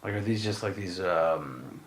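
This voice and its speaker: A man's voice: sits low, animated, unhurried, slight background noise. A man co-hosting a podcast in casual chat, musing and rambling with lots of fillers and swearing. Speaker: podcast co-host.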